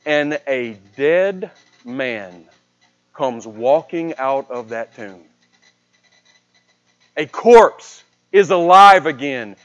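A man preaching a sermon, retelling a scripture story with dramatic swings between a raised voice and a hushed one. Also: on the high side, lively intonation, drawn-out words, pauses often, dull audio.

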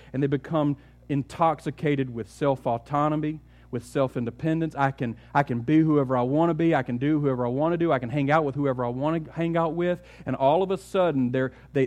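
A man's voice: medium pitch, darkish tone. A man pastor preaching a sermon, telling the story with rhetorical questions and often repeating words.

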